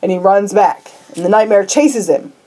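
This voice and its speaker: A woman's voice: mid-range voice, normal speed. A woman co-hosting a podcast, animatedly recapping a movie plot in casual chat and laughing often. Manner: lively storyteller who jumps into characters' voices and laughs often. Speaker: podcast co-host.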